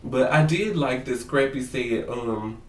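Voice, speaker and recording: A man's voice: medium pitch, measured pace, distant mic. Man, vlogger, gossipy reality-show recap, slangy and profane, roomy room, set back from the mic. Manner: animated, profane, slangy, acts out quotes in voices. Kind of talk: casual gossip commentary to camera. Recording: roomy sound, away from the mic.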